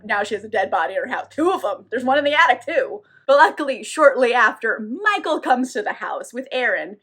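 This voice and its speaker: A woman with a high, bright voice who recaps a novel casually. She swears freely, laughs often and keeps her delivery animated. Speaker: book reviewer. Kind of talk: casual book recap vlog.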